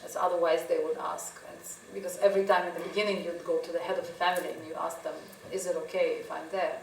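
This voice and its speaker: A woman's voice: fairly low pitch, little pitch movement, very fast, creaky. Woman photographer chatting to a gallery crowd, laughs a lot, roomy echo, mic a bit far off. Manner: chatty storytelling, frequent laughs and "you know". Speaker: photographer answering audience questions. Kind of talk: gallery Q&A talk. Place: gallery talk in front of an audience. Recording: echoey room, voice from a distance, faint hiss.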